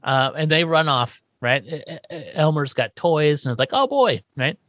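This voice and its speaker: A man's voice: a little high, moderate pace, dry recording, clean studio sound. Man animatedly retelling a TV episode. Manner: animated storytelling, acts out characters' lines. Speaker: podcast co-host recapping an episode. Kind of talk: casual chat.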